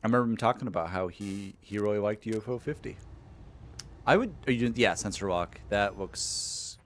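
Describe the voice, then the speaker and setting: A man's voice: fairly low pitch, moderate pace. A man from Alaska joking and coaching his partner on a casual game stream. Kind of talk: casual gaming stream chat.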